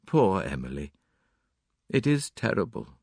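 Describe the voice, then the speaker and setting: A man's voice: low voice, sing-song, unhurried, gravelly, a little mellow, no echo, studio quality, exaggerated voice. A man voicing a defensive, indignant middle-aged husband in an audiobook. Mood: mournful. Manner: protesting, agitated.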